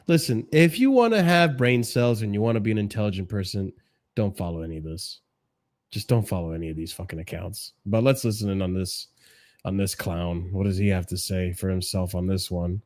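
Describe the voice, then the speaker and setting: A man hosting a casual reaction stream, mocking and profane, swinging between low mutters and loud outbursts into a desk microphone. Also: lively intonation, fairly quick. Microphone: desk microphone, clipping when loud.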